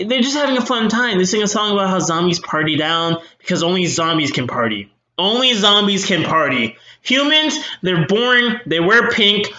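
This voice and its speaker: A man's voice: high-pitched, sharp tone, highs cut off. A young man recapping a movie in a snarky, rambling way with many fillers. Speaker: movie reviewer. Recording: roomy echo.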